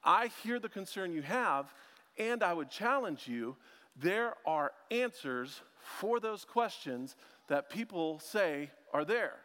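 A man with a fairly high voice preaching to a church, talking casually and breaking in with jokes at his own expense. His voice rings out with a long reverb off the big sanctuary walls. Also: animated, takes it slowly, fairly bright tone. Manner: joking, chatty, self-deprecating asides. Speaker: preacher and ministry school teacher. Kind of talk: casual conversational sermon.

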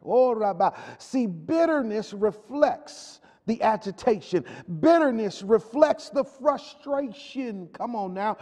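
A man's voice: high-pitched, a little mellow. A male pastor preaching a sermon with a repetitive, call-and-response delivery. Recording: long hall reverb.

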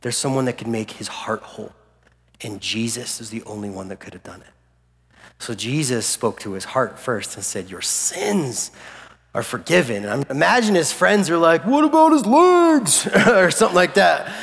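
A man preaching a sermon in a church hall, animated and jokey, acting out the people in his story. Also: medium pitch, moderate pace, vocal fry. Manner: animated, jokey, acts out voices of characters. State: recovering from flu. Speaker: pastor. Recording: long hall reverb.

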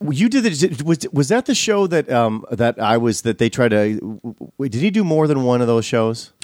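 A man's voice: medium pitch, big pitch swings, moderate pace, a little mellow, no room sound, studio quality. A man, a comedian, chatting casually with restarts and blunt, profane asides. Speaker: comedian and co-host. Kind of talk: casual chat.

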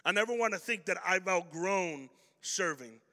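A man's voice: sits high, lively intonation, moderate pace, pushed and bright. A man preaching a sermon as pastor, telling stories animatedly and acting out the voices of the people in them. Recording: hall reverb.

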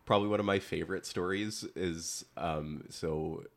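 A young man with a notably low, deep voice chats loosely on a podcast, drifting off topic and breaking into laughter. He tells stories in loose run-on bursts, quoting memes in exaggerated voices. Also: fairly even intonation, normal speed. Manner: rambling, laughs often, quotes memes. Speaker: podcast co-host. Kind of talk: casual chat.

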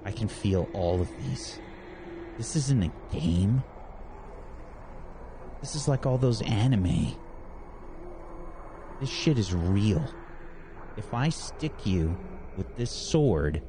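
A man's voice: lowish voice, animated, slow, long pauses, background noise. A man voicing an unhinged young male killer who snarls threats. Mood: menacing.

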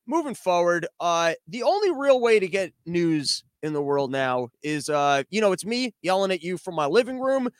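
A man's voice: high-pitched, a bit bright, no echo. A man hosting a comedic news show from his living room, ranting sarcastically with lots of swearing and exasperated rhetorical questions.

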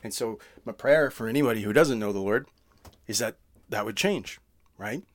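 A man preaching a sermon. He reads scripture slowly, then explains it in casual words with frequent "right?" asides. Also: lowish voice, no room sound. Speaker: pastor.

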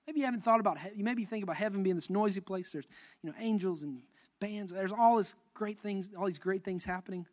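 Young guy pastor, pretty high voice, preaching a sermon, gets loud and fired up on the big points. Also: brisk. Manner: animated preaching that swells to emphatic, near-shouted peaks.

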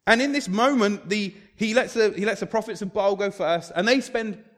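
A man preaching a sermon, telling Bible stories with animated storytelling and acting out the figures. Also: high voice, normal speed.

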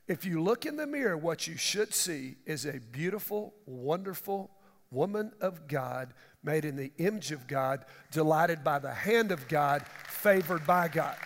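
A middle-aged man preaches in a folksy, emphatic way and asks the congregation questions. His voice sits high and swings widely, with a gravelly edge. A long reverb trails behind him, as in a large hall. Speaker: pastor. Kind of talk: sermon.

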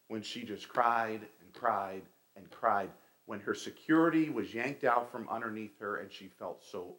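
A man's voice: mid-range voice, a bit bright. A middle-aged man giving a conversational sermon, telling stories and calling his listeners folks. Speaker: pastor.

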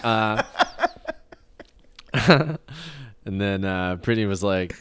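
A man's voice: lowish voice, lively intonation, takes it slowly, pauses often, a bit bright, clean tone, no echo. A young man co-hosting a podcast, telling crude stories in casual chat and acting out the dialogue. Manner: crude storytelling, acts out dialogue. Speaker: podcast co-host.

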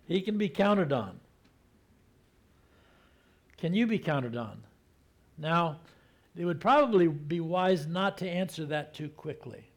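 Man preaching in a relaxed storytelling way. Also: on the high side. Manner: conversational storytelling, acting out quotes; slows down and drops to a soft, hushed voice for emphasis. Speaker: pastor. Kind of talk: sermon.

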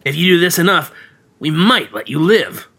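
A man's voice: a little high, sing-song, moderate pace, gravelly, sharp tone, full character voice. A man voicing a brutal young gang leader giving commanding threats. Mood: threatening.

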